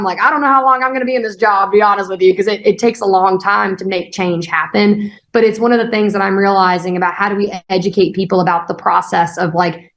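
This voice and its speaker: Fast-talking young woman, earnest and direct. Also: mid-range voice. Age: young adult. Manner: earnest, quick, with frequent fillers and restarts. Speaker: state party chair, guest. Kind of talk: political interview.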